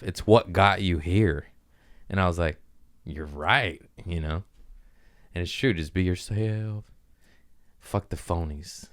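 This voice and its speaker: Male podcast host, smooth resonant voice, loose profane comedic rambling. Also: sits low, dry recording, studio quality. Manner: rambling, profane, jumps into quick mock voices. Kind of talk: casual comedic monologue.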